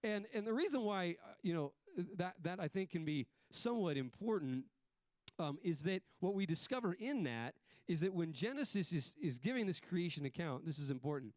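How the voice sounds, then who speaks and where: A man delivers a sermon in a plain, conversational teaching tone. His voice sits a little high, and he often breaks off to restart a phrase before stressing the important word. The sound is dry and close, with no room echo. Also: lively intonation, normal speed, a little mellow. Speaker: pastor.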